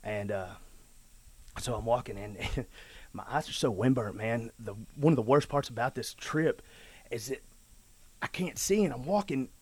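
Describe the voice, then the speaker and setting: A man with a drawl tells a personal story in a casual, animated way. His speech is rough and plain, full of "man" and "dude". His voice sits in an ordinary middle pitch. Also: normal speed, pauses often. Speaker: guest telling his story.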